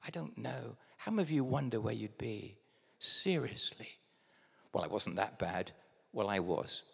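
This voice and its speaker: Excitable English pastor in echoing church. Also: male voice, on the low side, unhurried, gravelly, breathy edge. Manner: animated preaching, swinging from hushed to loud bursts; addresses congregation directly as guys. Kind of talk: sermon. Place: church hall.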